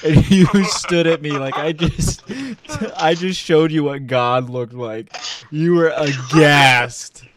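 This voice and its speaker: A man's voice: on the high side, fairly even intonation, takes it slowly, slight background noise. A man co-hosting a podcast in casual chat, crude and jokey, acting out quotes as he tells a story. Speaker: podcast co-host.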